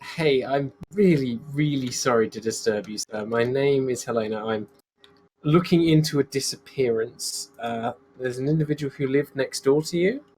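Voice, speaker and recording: A man's voice: medium pitch, normal speed, darkish tone, a little hiss or hum, natural voice. A man voicing a polite, earnest superheroine, speaking in his own voice. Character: polite superheroine questioning a neighbour.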